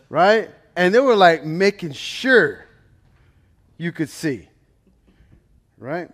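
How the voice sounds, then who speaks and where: A man with a slightly higher-than-average voice leads a Bible study in a loose, chatty sermon. He tells stories animatedly, swinging between loud and quiet, and keeps asking his listeners "right?". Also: animated, takes it slowly, pauses often. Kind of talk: casual sermon storytelling.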